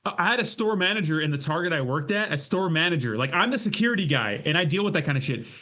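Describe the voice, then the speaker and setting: Co-host: an excitable, foul-mouthed man with a lively, slightly high voice. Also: fast talker. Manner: excitable, swears freely, loud outbursts. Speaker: podcast co-host. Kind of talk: casual chat.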